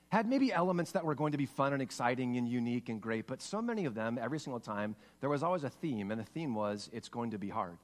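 A man's voice: mid-range voice, long reverb tail. Earnest man preaching conversationally. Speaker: pastor. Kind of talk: sermon.

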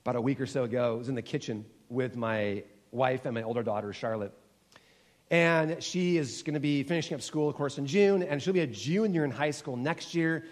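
Emphatic preaching man in a reverberant hall. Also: brisk. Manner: rising to emphatic repeated exhortations, dropping low and soft at times. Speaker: pastor. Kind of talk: sermon.

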